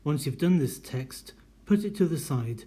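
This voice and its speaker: A man teaching a recorded language lesson in a mellow, slightly husky voice. He explains step by step and reads example sentences with marked intonation. His delivery is deliberate and clear. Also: on the high side, lively intonation. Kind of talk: recorded lecture.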